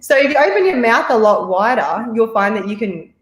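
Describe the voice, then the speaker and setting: A woman's voice: a little high, big pitch swings, brisk, roomy sound. An Australian woman chatting as a podcast guest, rambling and laughing often. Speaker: podcast guest, marketer and actor. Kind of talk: casual interview chat.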